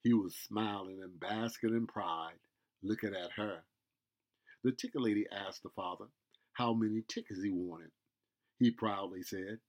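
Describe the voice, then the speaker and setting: A man delivers a sermon in a slow, deliberate cadence, dropping "yo" and "y'all" between phrases. His voice sits on the low side. The recording sounds muffled and lo-fi. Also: darkish tone. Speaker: preacher.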